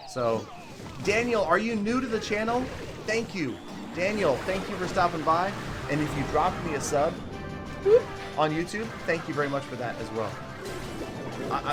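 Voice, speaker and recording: A man giving excitable live commentary on strategy game battles and chatting with viewers by name. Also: sits high. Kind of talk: live gameplay commentary, reading chat.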